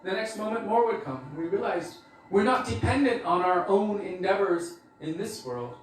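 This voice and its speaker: Slightly high-voiced man preaching in an echoey hall. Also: expressive, normal speed. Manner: casual, conversational, with frequent fillers. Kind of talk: storytelling talk. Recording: echoey hall, mic far off.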